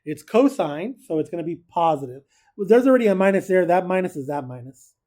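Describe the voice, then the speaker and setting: A man's voice: high voice, lively intonation, a little fast, darkish tone. A man teaching a casual recorded math lesson, chatty and joking, who keeps quizzing his students.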